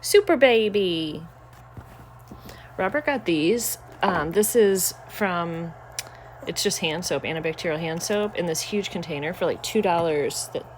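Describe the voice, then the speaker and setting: A woman's voice: fairly low pitch, expressive, a little slow, slight background noise. An older woman filming a casual home vlog, chatting while she minds her grandson and coos at him in baby talk. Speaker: vlogger grandmother. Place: home living room.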